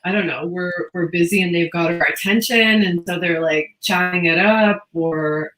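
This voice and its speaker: A woman's voice: on the low side, moderate pace, a bit bright, a little hiss or hum. Chatty Canadian woman in a roomy echo. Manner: storytelling, chatty, trails off. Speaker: co-host. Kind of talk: casual chat.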